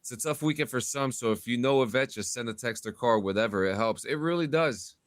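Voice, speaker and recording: A man's voice: mid-range voice, brisk. A man hosting a podcast talks in a loose, rambling way, often repeating words as he starts a sentence. His voice sits in the middle range. The sound is dry and close, with no room echo. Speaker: podcast host. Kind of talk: casual podcast sign-off.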